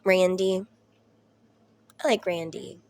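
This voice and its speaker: A woman's voice: fairly low pitch, fairly even intonation, takes it slowly. A woman in her thirties with a Southern US accent, chatting casually at home as a mom vlogger, rambling and swearing through her stories. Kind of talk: casual storytelling chat.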